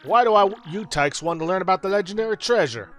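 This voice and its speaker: A man voicing an old absent-minded male professor, bookish, faint southern drawl, high, lively. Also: measured pace, faint music behind, heavily acted. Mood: lecturing.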